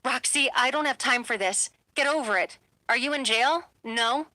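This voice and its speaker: A woman's voice: sits high, normal speed, dry recording. Woman reading as a furious young werewolf alpha. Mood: angry. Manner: sharp, commanding.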